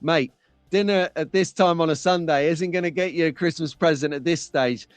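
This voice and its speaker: A chatty man hosts a casual live stream and banters with his viewers. His voice is smooth and resonant, and it sits a little high for a man. The sound is dry and close, with faint music behind him. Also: normal speed, no echo. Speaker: livestream host.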